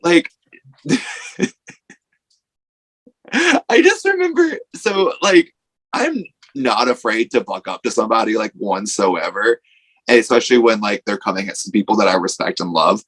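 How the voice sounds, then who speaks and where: A man's voice: lowish voice, expressive, a little slow, long pauses, a bit bright, breathy edge, low-quality recording. Chatty man telling a rambling story. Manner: rambling storytelling full of "like", acting out quotes. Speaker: wrestler, podcast guest. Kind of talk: casual anecdote on a podcast.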